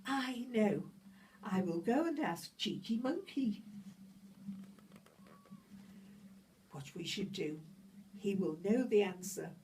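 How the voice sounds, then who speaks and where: Worried puppet lady, a woman doing the voice, slow, heard from a distance with soft hiss. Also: medium pitch, animated. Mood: hopeful. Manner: anxious, exclaiming, indignant. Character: worried fretful female puppet character. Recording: distant mic, faint room hiss.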